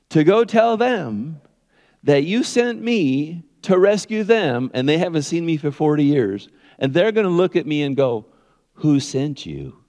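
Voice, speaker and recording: A man playing a reluctant older Moses who whines and complains, his voice raised high and loud. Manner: whiny, protesting.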